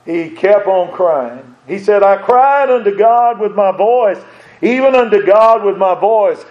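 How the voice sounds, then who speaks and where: A man's voice: sits high, lively intonation, measured pace, darkish tone. A man preaching a sermon in an earnest way, repeating phrases and asking his listeners direct questions. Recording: dull lo-fi recording.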